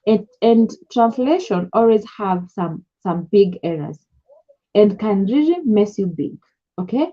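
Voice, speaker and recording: A young Kenyan woman talks through business tips in a casual, repetitive coaching style, moving between English and Swahili. Her voice is a little husky. The recording sounds dull and lo-fi. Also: medium pitch, expressive, unhurried. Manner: chatty, repeats key points, mixes English with Swahili. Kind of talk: casual advice talk to camera.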